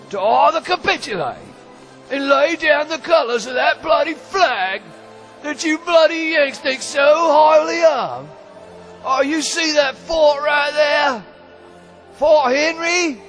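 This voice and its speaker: A man voicing a boastful middle-aged British naval admiral with a put-on British accent, taunting in slow, drawn-out phrases. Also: extremely high pitch, fairly bright tone, voice pushed up, exaggerated voice.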